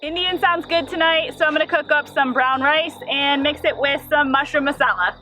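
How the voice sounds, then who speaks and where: A woman's voice: high voice, normal speed, bright, forceful tone, faint music behind, low-quality recording. A middle-aged woman from the United States, chatting casually as a travel vlogger, laughing often and talking with enthusiasm from her car and outdoor overlooks.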